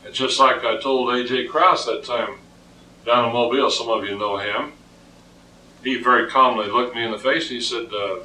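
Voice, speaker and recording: A man's voice: mid-range voice, steady tone, moderate pace, sharp tone, distant mic. A man preaching a sermon, emphatic and often repeating words as he reasons aloud, recorded in an echoey room with the voice off-mic.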